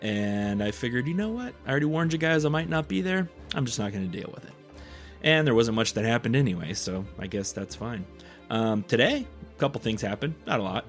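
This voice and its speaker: A man's voice: mid-range voice, very animated, fairly quick, faint music behind. A man with an Eastern California twang hosting a casual local news update, chatty and joking. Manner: chatty, joking asides, informal.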